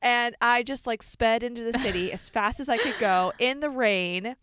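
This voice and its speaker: Brief: young woman podcast co-host from the Chicago suburbs, smooth clear voice, dry close mic, chatty and profane. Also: a little high, moderate pace, no room sound. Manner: animated, swears freely, many "like" fillers. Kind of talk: casual storytelling chat.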